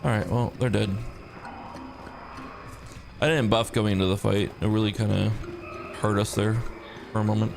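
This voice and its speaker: A man streaming a game, chatting casually and relaxed about how the fight went. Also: on the low side, moderate pace, gravelly, long pauses. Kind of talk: casual gameplay commentary. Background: loud game music.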